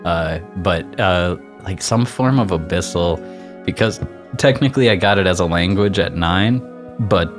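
A man's voice: sits low, a little slow, faint music behind. Giggly male tabletop player. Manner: giggly, playful, often laughing. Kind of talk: casual chat at a tabletop game.

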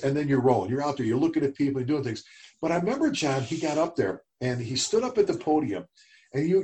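A middle-aged man co-hosting a casual talk show, telling stories and getting animated when he quotes others. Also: on the high side. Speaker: podcast co-host. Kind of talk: casual conversation.

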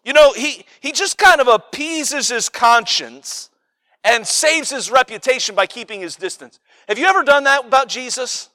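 A man's voice: very high voice, animated, normal speed, pushed and bright. A man preaching a sermon in a conversational, emphatic way, often repeating and restarting his words.

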